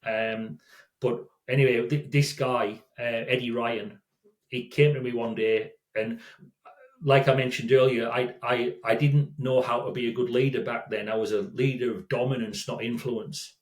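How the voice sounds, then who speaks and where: A man's voice: medium pitch, fairly even intonation, normal speed. Older man telling rambling stories. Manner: rambling, many restarts and self-corrections. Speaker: guest. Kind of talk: casual storytelling. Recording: roomy echo.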